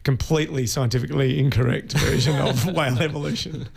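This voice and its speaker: A man's voice: medium pitch, steady tone, creaky, breathy edge. A man with an Australian accent co-hosting a community radio show, joking and laughing often in casual chat. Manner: jokey, laughs often, quick asides. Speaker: radio co-host. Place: radio studio.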